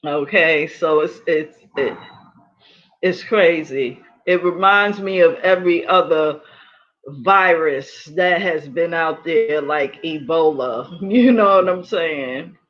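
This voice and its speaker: A middle-aged woman hosting a casual livestream, talking in an animated way, laughing often and repeating her points for emphasis. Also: low voice, slow, highs cut off. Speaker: livestream host.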